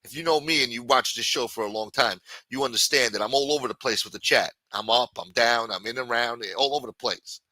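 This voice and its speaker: A man's voice: mid-range voice, quick pace, few pauses, sharp tone, no echo. A man hosting a livestream, ranting with frequent swearing and exasperation. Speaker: livestream host.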